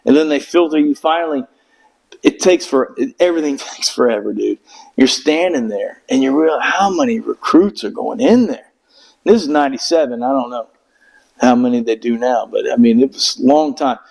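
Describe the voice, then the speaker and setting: A man's voice: mid-range voice, normal speed, gravelly, darkish tone, low-quality recording. A middle-aged man telling a rambling, profane story in casual chat, acting out quotes in raised voices. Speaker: Marine veteran guest.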